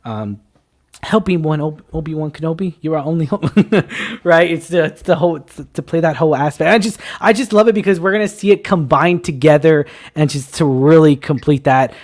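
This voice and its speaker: A man co-hosting a movie talk show, excitable and jokey in casual chat. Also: fairly high pitch. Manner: excitable, jokey, restarts a lot. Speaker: podcast co-host.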